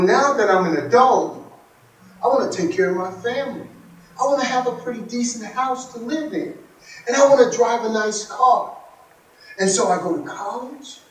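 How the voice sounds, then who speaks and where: A man giving a motivational workshop talk, telling stories and asking the audience questions. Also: extremely high pitch. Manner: storytelling, asks the audience questions. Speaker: workshop speaker. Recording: echoey room, distant mic.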